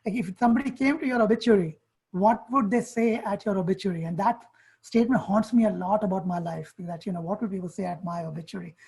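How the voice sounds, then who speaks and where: A woman's voice: medium pitch, mellow, low-quality recording. A woman coaching students on college essays in an online workshop, speaking directly and firing off questions and commands.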